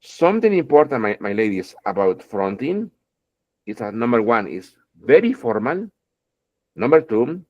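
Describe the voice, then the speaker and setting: Male English teacher, animated pitch, keeps asking "okay?", dull video-call sound. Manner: keeps checking in with "okay?", repeats words, addresses students fondly. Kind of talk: online English grammar lesson.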